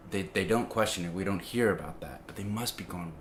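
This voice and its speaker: Man, deep voice, casual sermon, halting and conversational, faint ambient noise. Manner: conversational, many fillers and restarts, grows animated at the climax. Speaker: preacher. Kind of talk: informal sermon.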